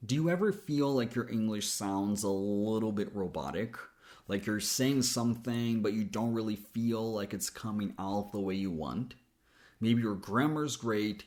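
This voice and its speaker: A man with an American accent explaining English rhythm as a coach, in a calm, explanatory way that stretches key words. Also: medium pitch. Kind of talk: English pronunciation lesson.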